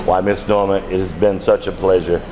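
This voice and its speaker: Man playing a flowery Southern smooth-talker for a radio soap, deep voice, music playing behind. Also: a little fast, natural voice. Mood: charming. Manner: flowery, flattering. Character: smooth-talking Southern gentleman, adult man.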